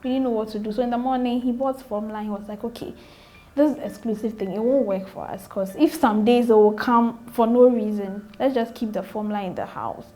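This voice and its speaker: A woman's voice: on the high side, brisk, warm tone. A young adult woman with a Ghanaian accent, a guest telling her own story earnestly, repeating phrases and acting out remembered exchanges. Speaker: interview guest, new mother. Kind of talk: candid personal storytelling.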